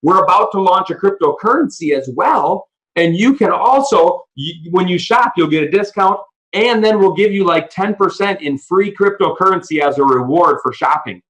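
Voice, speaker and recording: A man presenting a business opportunity on a call, excitedly telling stories and acting out the dialogue. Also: high voice, low-quality recording. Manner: excited storyteller, acts out quoted dialogue; talks fast, restarts sentences when fired up. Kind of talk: animated sales pitch on a call. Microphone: audio call.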